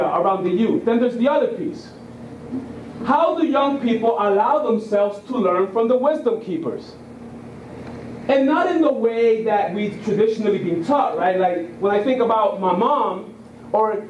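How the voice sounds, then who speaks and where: A man's voice: high voice, darkish tone, reverberant, distant mic, dull audio, slight background noise. A man in his thirties from Puerto Rico gives a public talk, telling stories and often checking in with "right?". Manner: conversational storyteller, keeps asking "right?". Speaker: guest speaker. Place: lecture room.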